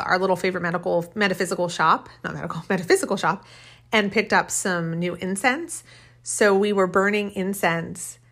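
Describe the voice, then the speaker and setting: A woman's voice: mid-range voice, fairly bright tone. A woman hosting a podcast, telling a personal story in a heartfelt, rambling way and often laughing as she talks. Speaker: podcast host. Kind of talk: casual personal storytelling monologue.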